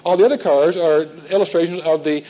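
Husky-voiced man teaching a Bible class. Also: fairly high pitch, a little fast, dark tone, dull audio. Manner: folksy storytelling, asks the audience questions. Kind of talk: Bible teaching to a men's group.

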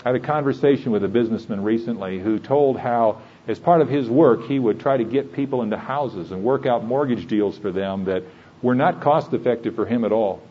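Male preacher, husky voice, earnest conversational sermon, dull lo-fi sound. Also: medium pitch, a little fast.

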